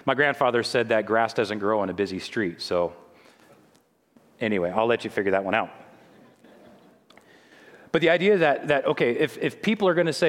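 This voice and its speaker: A man's voice: medium pitch, lively intonation, moderate pace, long pauses. A middle-aged man preaching a sermon in a conversational way, often restarting his sentences. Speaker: pastor. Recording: long hall reverb.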